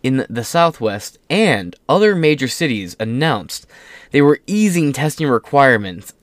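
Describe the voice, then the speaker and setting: On his solo commentary show, a political host reads the news in a sarcastic, rambling, casual style, stumbling as he reads and swearing offhand. He speaks at medium pitch, very animated, at a measured pace, with no room sound.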